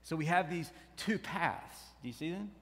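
A man preaching with a high, lifted voice, his words trailing off into a long hall reverb. He swings from loud rising appeals to quiet dropped asides and keeps putting questions to the congregation. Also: moderate pace. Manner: animated preaching that rises and drops, with asides to the congregation. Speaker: pastor. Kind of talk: sermon.

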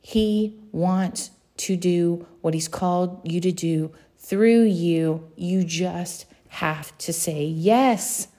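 A woman's voice: lowish voice, very slow, hardly any pauses, mellow. A woman preaching a sermon, earnestly exhorting her listeners with direct questions.

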